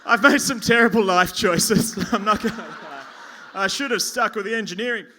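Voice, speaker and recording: An Australian man performing stand-up on a pub stage, speaking into a mic at a lectern. His voice sits very high for a man and sounds sharp and bright. He rambles in a self-mocking way and trips over his own restarts. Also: moderate pace, slight background noise. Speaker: stand-up comedian. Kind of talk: stand-up comedy set.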